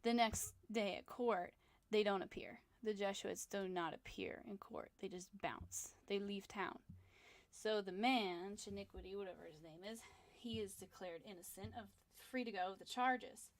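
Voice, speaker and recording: A woman's voice: mid-range voice, moderate pace. A young woman artist rambling through a story in casual chat while she draws, tired and sleepy, with lots of fillers. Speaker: comic artist livestreaming a drawing session.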